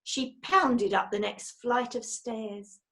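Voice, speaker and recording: A woman reading a children's book aloud with lively, expressive narration. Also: a little high, slow. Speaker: storyteller.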